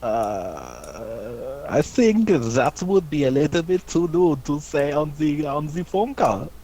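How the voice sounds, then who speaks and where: A man's voice: on the high side, sing-song, slow, mellow, heavily acted. A man putting on a stiff German brain scientist. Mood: deadpan. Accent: put-on German. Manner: formal, stiff phrasing. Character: mock German brain scientist, asylum doctor, deadpan. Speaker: caller.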